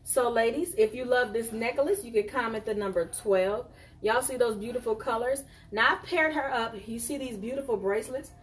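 A woman hosts a live jewelry sale in a casual, chatty way. Her voice sits a little high for a woman. She talks to the viewers directly, calling them y'all and honey, and now and then drifts back from the camera mic. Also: distant mic.

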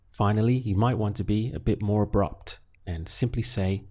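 A man teaching a Spanish lesson in a calm, measured voice, asking the listener to answer and then giving each phrase. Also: lowish voice. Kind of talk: scripted language lesson.

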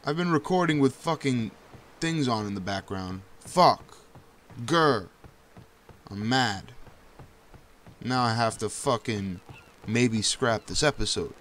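Excitable young man narrating his gameplay. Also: slow, long pauses. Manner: excitable, swears often, jumps to high yelps when in danger. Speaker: gameplay commentator. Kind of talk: casual let's-play commentary.

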